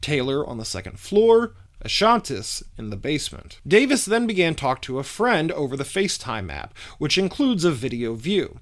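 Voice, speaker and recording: A man reading a scripted news report in a measured, formal way. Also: medium pitch. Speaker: reporter narrating a news story.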